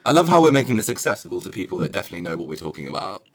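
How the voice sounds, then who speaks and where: A man with a low voice that swoops up and down a lot, co-hosting a comedy podcast. He reads out reviews and giggles as he mock-scolds his co-host. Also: sing-song, rapid-fire. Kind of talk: comedic casual chat, reading reviews.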